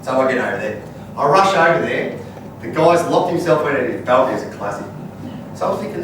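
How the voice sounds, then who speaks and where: A man's voice: mid-range voice, expressive, fast talker. An Australian man talking bluntly and colloquially as a guest speaker, answering audience questions. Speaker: guest speaker, business owner. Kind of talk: live Q&A storytelling. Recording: echoey room, distant mic, noisy.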